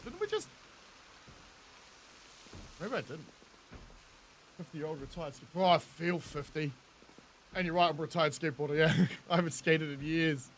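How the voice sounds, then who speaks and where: This streamer's voice is a little high, expressive, and a bit bright, moving at normal speed with frequent pauses, and there is slight background noise. In his thirties and New Zealand-accented, he banters with viewers during gameplay, joking, laughing often, and swearing freely.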